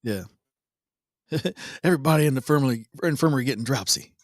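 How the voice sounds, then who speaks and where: A man co-hosting a devotional show, reading a Bible passage and joking around in a relaxed, casual chat. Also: medium pitch, quick pace, dry recording, clean studio sound. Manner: laid-back, jokey, laughs often.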